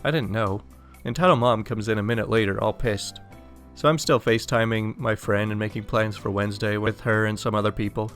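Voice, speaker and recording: A man's voice: fairly low pitch, fairly even intonation, fairly quick, fairly bright tone, soft background music. A young man narrating an online story aloud in a casual, exasperated way. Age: young adult.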